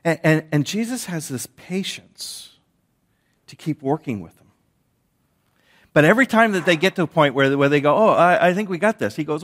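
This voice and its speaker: A man's voice: a little high, expressive, moderate pace, long pauses. A man preaching a sermon, telling stories with frequent repeated words and restarts. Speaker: pastor.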